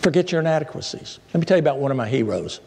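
A man's voice: on the high side, very fast, creaky, slight background noise. Folksy male pastor in echoey church. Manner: storytelling, folksy, animated asides. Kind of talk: sermon.

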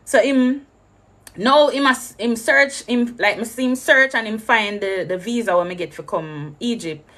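A woman's voice: a little high, moderate pace, fairly bright tone. A young woman with a Jamaican accent telling a travel story, switching between English and patois and acting out every exchange. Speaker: travel vlogger. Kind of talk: animated storytelling.

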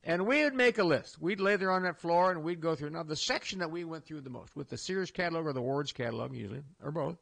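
A man's voice: a little high, animated, fast talker, vocal fry, hardly any pauses, fairly bright tone. An older man hosting a radio talk show, talking in a folksy, rambling way with many restarts and chuckles. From Iowa. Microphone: studio microphone.

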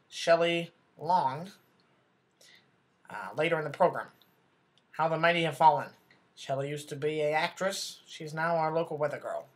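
Comedy sketch: a man as a self-important, bumbling male news anchor, voice on the high side, rambling and flustered. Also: a bit bright. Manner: rambling, flustered, corrects himself, talks back off-camera.

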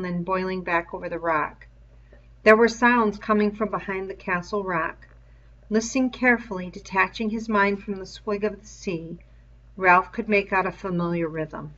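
A woman reading a novel aloud in a steady, measured storytelling voice. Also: mid-range voice, dull audio. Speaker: reader.

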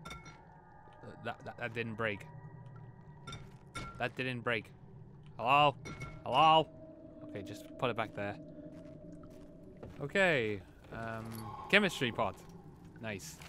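A jumpy young man playing a horror game and chattering to himself, his voice bright and tense. He keeps calling out at imagined noises and muttering reassurances. The talk is loose and unscripted. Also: medium pitch, expressive, takes it slowly, pauses often, slight background noise. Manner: jumpy, talks to himself, startled outbursts. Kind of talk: casual let's-play commentary.

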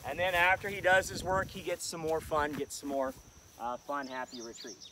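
A man who trains dogs, calmly explaining an outdoor lesson while he works the dog with short commands. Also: on the high side, normal speed. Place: outdoors in the countryside. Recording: distant mic with outdoor noise.

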